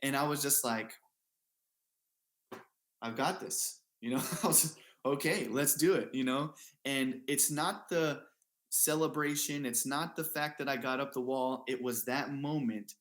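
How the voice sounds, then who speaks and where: A man's voice: medium pitch, steady tone, moderate pace, fairly bright tone. A man speaking as an interview guest, telling a personal story in an earnest, casual way with many fillers and restarts. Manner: earnest, repeats himself, lots of fillers. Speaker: guest athlete. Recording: roomy echo.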